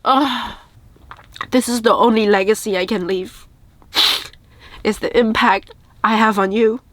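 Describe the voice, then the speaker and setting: A woman's voice: on the high side, steady tone, unhurried, a bit bright, dry recording. A woman vlogger speaking earnestly and from the heart in a personal storytime video, tearful and crying as she talks.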